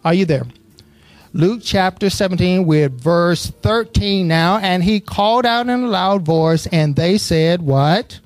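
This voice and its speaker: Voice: medium pitch, unhurried, no room sound, faint music behind. A preacher reading scripture aloud and quizzing the congregation on the missing words, then building into passionate preaching. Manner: asks the congregation to fill in words; builds from steady Bible reading to impassioned preaching. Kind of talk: sermon with call and response. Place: church.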